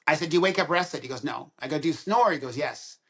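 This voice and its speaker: A man's voice: a little high, fast. A man of around sixty, a dentist and podcast guest, telling stories in casual conversation and acting out both sides of quoted dialogue. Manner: animated storyteller who acts out both sides of quoted dialogue.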